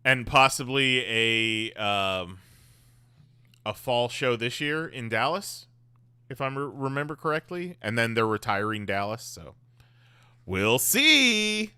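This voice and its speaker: A man's voice: medium pitch, expressive, unhurried, bright, forceful tone, clear, resonant tone, no room sound. A man hosting a podcast in casual chat, rambling with lots of fillers and swearing. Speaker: podcast host.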